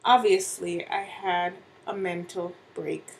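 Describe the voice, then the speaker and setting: A woman telling a dramatic first-person story, slow and deliberate with long pauses. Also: lowish voice, fairly even intonation, vocal fry, a little hiss or hum, low-quality recording.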